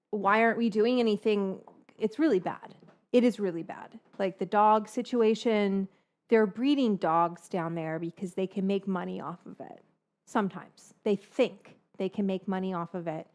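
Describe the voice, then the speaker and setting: A woman's voice: mid-range voice, darkish tone. A woman, likely in her thirties, hosting a cooking livestream in a rambling, casual way and swearing freely. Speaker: livestream host baking from her cookbook.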